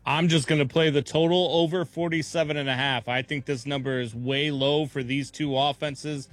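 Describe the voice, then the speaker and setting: Confident producer making a quick pick. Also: male voice, a little high, steady tone, no echo. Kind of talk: casual sports betting talk.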